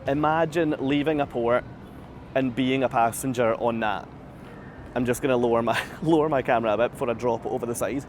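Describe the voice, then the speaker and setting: A man's voice: mid-range voice, a little fast, a little hiss or hum. A man vlogging live from the deck of a cruise ship. He answers viewer comments in a chatty, self-deprecating way, laughs often, and is slightly out of breath. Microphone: phone camera held at arm's length.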